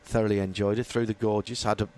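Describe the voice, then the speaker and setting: Rambling, low-voiced male podcast host. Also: flat delivery, fast talker, darkish tone. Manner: rambling, with fillers and restarts. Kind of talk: casual radio podcast chat.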